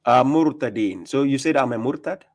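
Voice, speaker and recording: A man with a Ghanaian accent hosts a live call-in debate stream. His talk is mocking and taunting, and he laughs a lot. His pitch sits in the middle for a man. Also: expressive, moderate pace, darkish tone. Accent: Ghanaian English.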